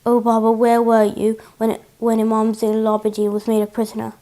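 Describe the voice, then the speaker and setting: A woman's voice: a little high, completely flat delivery, a little fast, dark tone, close to an everyday voice. A woman reading the lines of a grieving noblewoman who pleads and laments. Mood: lamenting. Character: grieving noblewoman, sister and guardian.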